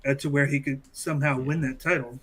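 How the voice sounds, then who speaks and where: A man's voice: mid-range voice, steady tone, brisk, a bit bright, breathy edge. A man co-hosting a casual chat, rambling and thinking aloud. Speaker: podcast co-host.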